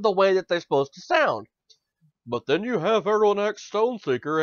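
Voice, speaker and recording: Animated, fast-ranting male podcast host. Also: high voice, no echo. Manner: animated, profane ranting, stammers and repeats. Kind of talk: casual podcast chat. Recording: dull dry lo-fi audio.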